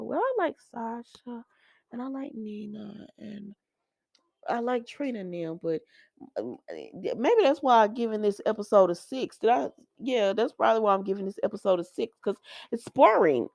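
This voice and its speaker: A woman's voice: a little high, a little mellow, no echo, clean studio sound. A woman recapping a soap opera episode in a casual, opinionated and colloquial way, laughing often.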